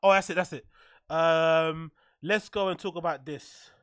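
A man hosting a live reaction stream, rowdy and excitable, laughing often and swearing. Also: on the high side, measured pace, clear, resonant tone.

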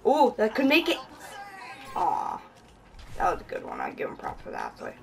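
A woman's voice: mid-range voice, huge pitch swings, normal speed, vocal fry, far from the mic, low-quality recording. A young woman giving casual gameplay commentary, laughing often and swearing at her own plays. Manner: giggly, laughs often, swears while playing. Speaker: gaming channel host.

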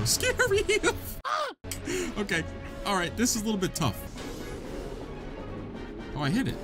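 A young man giving excitable, joking let's-play commentary, talking to the game, laughing and swearing as he plays. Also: a little high. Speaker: gaming channel host. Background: game music.

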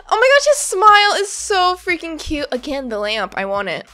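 A woman's voice: very high voice, big pitch swings, moderate pace, bright, forceful tone, soft background music. A woman reading a comic aloud and reacting casually, bubbly and giggly, gushing about the characters and rambling with lots of fillers.

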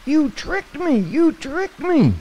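A squeaky frightened little mouse. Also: male voice, big pitch swings, drawn-out words, creaky, warm tone, husky, muffled recording, heavily acted. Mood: upset. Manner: squeaky, shrill and panicky. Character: small frightened young male mouse. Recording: long hall reverb.

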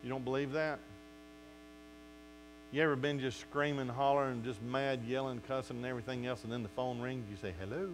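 A man's voice: mid-range voice, a little fast, slight background noise, low-quality recording. A male pastor preaching a sermon, acting out quotes from his listeners and talking straight to them. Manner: animated preaching with acted-out quotes.

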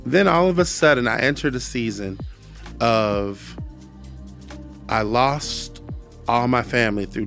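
An earnest man tells his personal testimony at a mid-range pitch and repeats key lines for emphasis. He falls into a preacher's cadence when he quotes scripture. Soft music plays faintly underneath. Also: vocal fry. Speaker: podcast guest.

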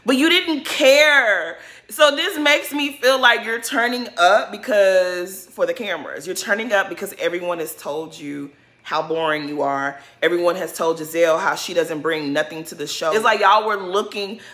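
A woman's voice: fairly low pitch, moderate pace, fairly bright tone. A woman giving a casual recap of a reality TV episode, blunt and sassy, full of slang and cursing. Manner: colloquial slang-heavy talk.

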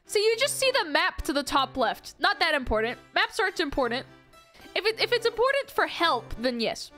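A woman's voice: extremely high pitch, big pitch swings, brisk, sharp tone, faint music behind. A young woman giving live, playful commentary while playing a video game, giggling often and poking fun at herself. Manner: giggly, playful, self-mocking. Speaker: streamer.

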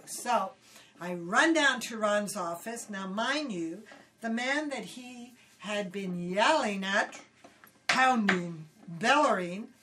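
An older woman from Hawaii, casually telling animated stories in an interview and acting out quoted voices. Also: medium pitch, a little hiss or hum. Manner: animated, acts out quotes loudly, laughs often. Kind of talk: casual storytelling. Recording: voice somewhat distant from the mic.

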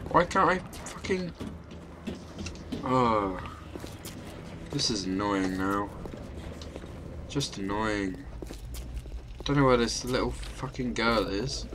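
A man's voice: on the low side, lively intonation, slow, long pauses, background noise. A man commentating his video game play, swearing and taunting enemies. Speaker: gamer. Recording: game music behind. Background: game music and sounds.

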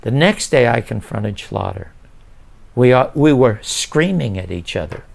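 Gravelly older man telling stories. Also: medium pitch, measured pace. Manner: animated, acts out past conversations. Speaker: interview guest recounting his TV career. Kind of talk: casual storytelling interview.

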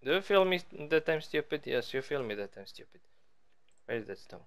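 A man's voice: medium pitch, big pitch swings, brisk, clear, resonant tone. A man giving casual, rambling let's-play commentary as he builds in a game, joking at his own expense. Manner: rambling, playful, self-mocking. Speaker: gaming channel host.

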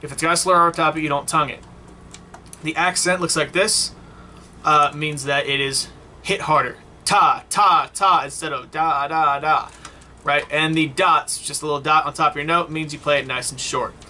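Bright-voiced man teaching saxophone. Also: on the high side, steady tone, normal speed, a little hiss or hum. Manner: explains step by step, checks in with "okay?" and "right?". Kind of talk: online music lesson.

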